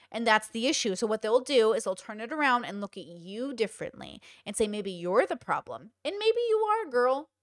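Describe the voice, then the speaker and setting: A woman's voice: fairly high pitch, a bit bright, no room sound, clean studio sound. A young adult woman hosting a podcast, giving casual advice in an emphatic way and repeating points for stress. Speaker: podcast host.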